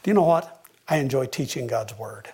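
A man's voice: medium pitch, expressive, a little fast, a little mellow, breathy edge. A man preaching a sermon as a pastor, earnest, his voice rising for emphasis.

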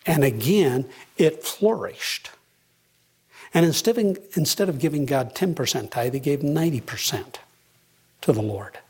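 A male pastor delivers an earnest sermon in a fairly high voice. His tone is husky rather than clear. He lifts his pitch to drive home each point. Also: expressive, a little slow, a little mellow. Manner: earnest preaching, rising pitch for emphasis.

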